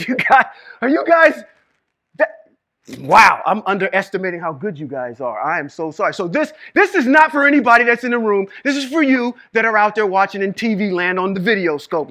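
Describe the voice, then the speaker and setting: Man, Bible teacher, high voice, lively, asks the room questions. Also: fairly quick. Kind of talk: classroom teaching to a live group. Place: room with a small live audience.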